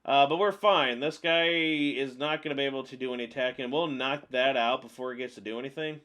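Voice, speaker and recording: A man giving live commentary over his own card game match, chatting through each move out loud. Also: medium pitch, brisk. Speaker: card game video creator.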